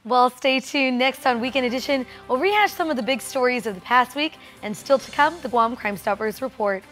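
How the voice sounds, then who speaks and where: News lady reading the weekend bulletin, bit higher voice, smooth and steady. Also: a little fast, soft background music. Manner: smooth, even newsreader delivery. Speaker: news anchor.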